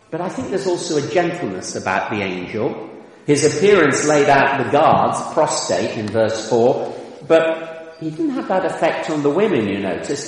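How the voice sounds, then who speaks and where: A man preaching a sermon, animated and rising to exclamations, recorded in a large church hall. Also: mid-range voice. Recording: echoey hall from a distance.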